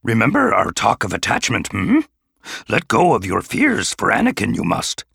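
A man's voice: lowish voice, wildly swooping pitch, moderate pace, creaky, fairly bright tone, slightly rough, no echo, studio quality, exaggerated voice. A man voicing an ancient, small Jedi master who speaks firmly in backwards word order. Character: ancient small green Jedi master, stern, inverted speech.

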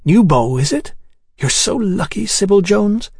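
A man voicing a raucous, big-boned young woman lodger who teases boldly in a clearly raised voice. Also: high voice, very animated, a little slow, darkish tone, no echo, clean studio sound, pitched above the performer's own voice, heavily acted. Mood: teasing. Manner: bold, teasing.

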